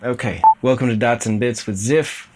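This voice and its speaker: A man's voice: mid-range voice, moderate pace, very noisy. A tired man hosting his own video channel, talking casually in a rambling, self-deprecating way with plenty of fillers. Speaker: host.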